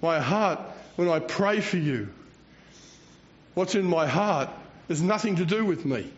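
Older man, pastor, high-pitched voice, rambling self-mocking sermon, muffled lo-fi sound. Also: lively intonation, a little slow. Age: 60s. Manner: rambling, self-mocking, chuckles between phrases. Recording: dull lo-fi recording.

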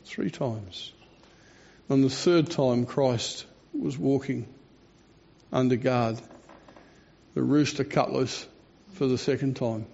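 A man preaching a sermon, telling the story expressively with dramatic slowdowns. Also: mid-range voice, creaky, a little mellow. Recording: dull lo-fi recording.

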